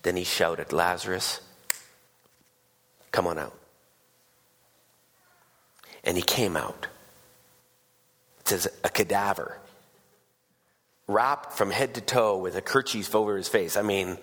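A man preaching a sermon, retelling a story in a casual, animated way. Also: lowish voice, big-room sound. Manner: casual storytelling, animated voices for quoted people. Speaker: pastor.

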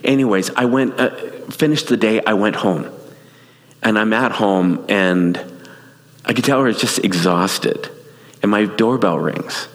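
A man preaching a sermon, telling a personal story in an animated way, laughing and restarting his sentences. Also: on the low side, a little slow. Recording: long hall reverb.

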